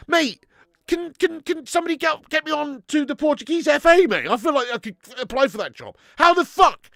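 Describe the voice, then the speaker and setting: Hosting a live football watch-along for his fan channel, this man talks a little fast in a very high, creaky voice. He's animated, swears often, and reads viewer messages aloud. The recording is dry and studio quality.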